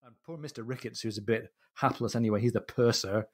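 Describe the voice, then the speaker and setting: A man's voice: mid-range voice, fast, a little mellow. A man hosting a book discussion podcast, talking through funny passages with enthusiasm. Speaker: podcast host.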